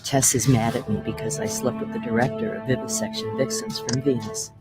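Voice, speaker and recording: A woman plays a scheming actress with a strikingly deep, sultry voice. Her tone stays dry and unbothered. Loud trailer music plays beneath her. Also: steady tone, fairly quick.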